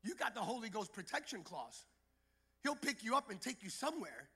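A male preacher voicing an anxious male servant who pleads with a prophet in quiet, hurried, casual modern words. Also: sits high, sing-song, gravelly, husky, exaggerated voice.

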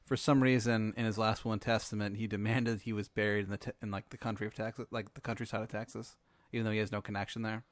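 Man, podcast host, rambling, deadpan, improvised comic story, dry close sound. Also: fairly low pitch, fast, no room sound. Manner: rambling, deadpan, many fillers and restarts.

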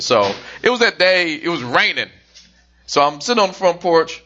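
A man's voice: high-pitched, very animated, moderate pace, pauses often, pushed and bright, lo-fi sound. A man co-hosting a podcast, telling a jokey story in casual chat, swearing now and then. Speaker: podcast co-host.

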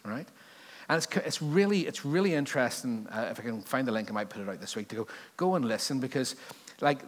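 Belfast guy preaching, northern irish accent, jokey and rambly, tosses in lots of side stories. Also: on the low side. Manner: chatty, joking asides, rambling digressions. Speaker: pastor. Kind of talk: sermon.

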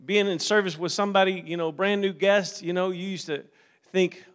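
A man's voice: high voice, steady tone, brisk, a bit bright, clean tone. A middle-aged male pastor preaching a sermon, conversational at first and then rising into fervent preaching.

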